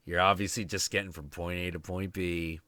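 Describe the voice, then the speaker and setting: A man's voice: sits low, little pitch movement, a little fast, pushed and bright, no echo. A man in his late twenties, hosting a podcast, telling a story in casual chat with plenty of swearing and ranting. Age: 20s. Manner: profane, ranting, confrontational. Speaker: podcast host.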